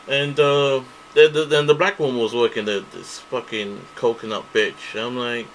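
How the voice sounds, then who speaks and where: A man's voice: mid-range voice, normal speed, fairly bright tone, slight background noise, rough recording. A man ranting angrily to camera, profane and repetitive, circling back to the same complaints. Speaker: vlogger. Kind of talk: angry ranting monologue to camera.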